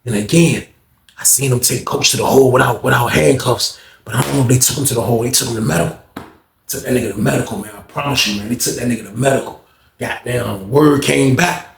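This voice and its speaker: Man, casual slangy storyteller, swears a lot; gravelly voice, echoey room. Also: mid-range voice, fast, a crowd in the background. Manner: profane, slangy, repetitive, addresses viewers. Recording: roomy echo.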